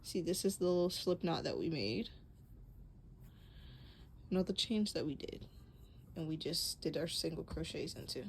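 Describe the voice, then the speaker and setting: A woman's voice: low-pitched, normal speed, long pauses, slight background noise, low-quality recording. A young woman walking through crochet basics in a casual, chatty way, breathing hard and correcting herself as she goes. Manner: relaxed, chatty, self-correcting with little laughs. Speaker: crochet tutorial host. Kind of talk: casual how-to demonstration. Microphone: close mic picking up breathing.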